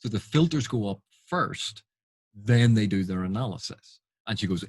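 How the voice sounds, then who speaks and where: A man's voice: lowish voice, animated, normal speed, slightly rough, dry recording. A man giving unscripted reaction commentary, exasperated and full of rhetorical questions. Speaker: film and TV critic.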